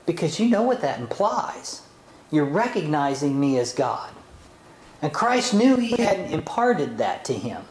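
Casting: unhurried man teaching scripture conversationally, echoey hall. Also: a little high, sing-song, slight background noise. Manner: conversational, digresses with chuckles, acts out intonations. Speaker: Bible teacher. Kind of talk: sermon teaching. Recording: roomy hall, faint ambience.

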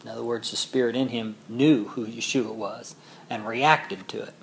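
A man preaching a sermon, reading scripture slowly and building to loud, emotional peaks before dropping back to a quiet, measured tone. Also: medium pitch, fairly even intonation, creaky.

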